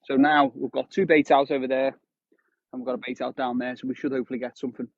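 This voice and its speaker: This fast-talking man in his thirties fishes on a windy shore while chatting with his livestream viewers, his mid-range voice delivered flatly. The phone stream sounds dry and tinny.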